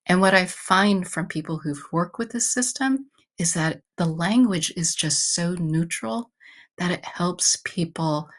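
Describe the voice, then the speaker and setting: A woman speaks over a video call in a low voice, setting out her ideas in a measured, thoughtful way. She pauses now and then and restarts a phrase as she chooses her words. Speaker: guest speaking about relationships. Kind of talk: thoughtful explanation.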